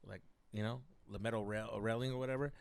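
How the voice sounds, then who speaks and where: A young man hosting a podcast, telling stories in a profane, animated way, acting out voices and mixing in Spanish slang. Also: fairly low pitch, fast, creaky, clean tone. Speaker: podcast co-host. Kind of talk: casual storytelling chat.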